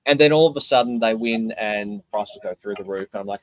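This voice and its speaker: Laid-back Australian man with a lowish voice. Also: a little fast, no echo, rough recording. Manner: laid-back, joking, swears casually. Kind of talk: casual chat.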